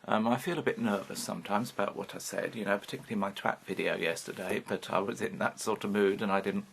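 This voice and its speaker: A man's voice: fairly low pitch, steady tone, fast, creaky, slight background noise. A British man in his fifties talking frankly in a rambling personal vlog, swearing casually as he goes. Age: 50s. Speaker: vlogger. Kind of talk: candid personal vlog monologue.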